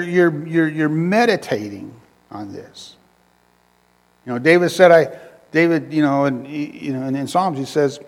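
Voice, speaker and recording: A male preacher giving a sermon in a conversational style, repeating phrases and joking with the congregation. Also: a little high. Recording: long reverb of a hall.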